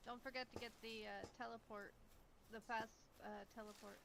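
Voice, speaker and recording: A woman casually chatting and guiding her mother through a co-op game, relaxed and a bit playful. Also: on the high side, moderate pace, creaky, noisy background. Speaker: co-player, streamer. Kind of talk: casual gameplay chat.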